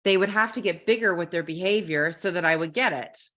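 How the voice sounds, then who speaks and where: A woman's voice: on the low side, brisk, fairly bright tone. A woman who teaches kindergarten, earnestly telling a story in a live parenting masterclass and repeating words as she thinks.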